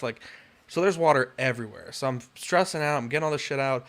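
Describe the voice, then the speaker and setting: A man's voice: mid-range voice, fast, fairly bright tone. A young man telling a frustrated story on a podcast, swearing often and breaking into exasperated outbursts. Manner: exasperated, swears a lot, rants with rising outbursts. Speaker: podcast co-host. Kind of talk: casual storytelling chat.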